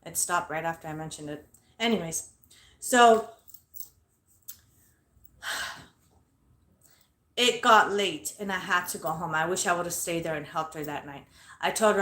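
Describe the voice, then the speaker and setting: Woman paranormal vlogger, low-pitched, blunt and foul-mouthed, echoey room. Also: a little slow, long pauses, a bit bright. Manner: blunt, swears constantly. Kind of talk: casual ghost-story telling. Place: her bedroom at home.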